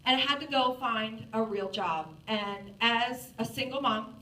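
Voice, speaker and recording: Animated woman telling a story to a room. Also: a little high, unhurried, a little hiss or hum. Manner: animated, self-mocking storytelling. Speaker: speaker. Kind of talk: storytelling talk to an audience. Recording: roomy, distant from the mic.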